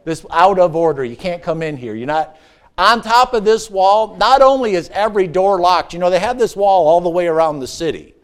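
A man preaching a sermon, with playful asides, call-and-response questions, and swings between excited shouts and hushed, earnest passages. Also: high-pitched, a little fast. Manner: rises to excited shouts, drops to hushed tones. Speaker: pastor.

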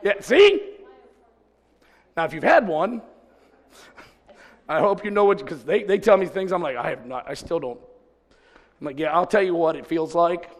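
A man preaching in a church service, with a somewhat high voice that rings out under a long hall reverb. He tells folksy stories to his congregation and swings between loud outbursts and low asides. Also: expressive, normal speed, long pauses. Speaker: pastor. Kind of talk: sermon.

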